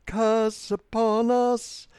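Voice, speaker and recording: A reader voicing Trinali, a dark enchantress in love, sighing and yearning in a recited verse tale. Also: medium pitch, flat delivery, very slow, clean tone, no echo.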